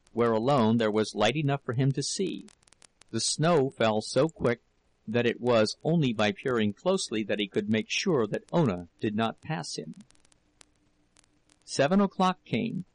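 A man narrating an audiobook of a novel in a measured, steady storytelling manner. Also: medium pitch, dry recording, low-quality recording.

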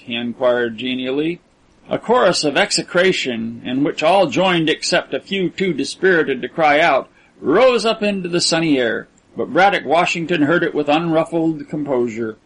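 A man narrating a story as an audiobook reader, in an even, unhurried manner. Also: on the high side, low-quality recording. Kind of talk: scripted narration.

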